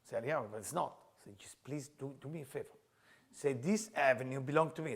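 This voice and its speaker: A middle-aged man with an Israeli accent, a Kabbalah teacher telling a story as a lesson and acting out the dialogue with loud, animated bursts. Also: medium pitch, fairly quick, gravelly, husky.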